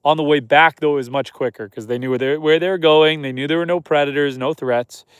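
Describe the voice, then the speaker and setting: A homesteader from Canada chats on a livestream from his snowy yard after dark. He reads viewer comments aloud and answers them in an easy, relaxed way. His voice sits a little higher than most men's, and the sound is dry and close to the phone mic. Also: a little fast, smooth, no echo, highs cut off. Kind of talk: casual live stream chat. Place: outdoors at night on a snowy homestead.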